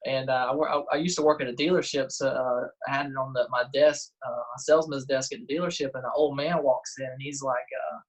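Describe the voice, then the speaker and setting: A man, a guest in a casual interview, telling lively stories and acting out quotes. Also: mid-range voice, fast talker, few pauses, low-quality recording. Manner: animated storyteller, acts out quotes, frequent "uh" and laughs. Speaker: guest diver and detectorist.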